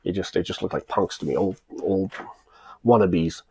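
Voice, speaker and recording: An American vlogger recounts his life in Japan in a low-pitched, slightly mellow and slightly rough voice at a moderate pace. He tells the personal story casually and emphatically, rambling with lots of restarts.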